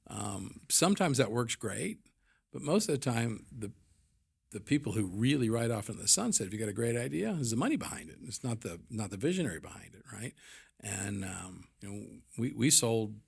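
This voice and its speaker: A man's voice: lowish voice, expressive, fairly quick, gravelly, slightly rough. A man in his forties, a podcast guest and business owner, telling his story candidly in a rambling, blunt and profane way, full of fillers.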